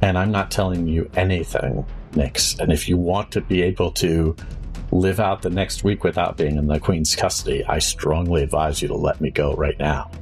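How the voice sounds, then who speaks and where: A man voicing a cold, scheming female healer held captive, speaking in a flat, poker-faced, menacing way. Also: low voice, normal speed, soft background music. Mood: threatening. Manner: flat poker-faced menace, sharp shrieks when hurt.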